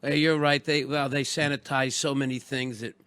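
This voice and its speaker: A man's voice: mid-range voice, fairly even intonation, normal speed, fairly bright tone, clear, resonant tone, dry recording. Dry-voiced enthusiastic man, radio co-host. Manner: storytelling, enthusiastic, asks questions. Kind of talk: casual radio chat.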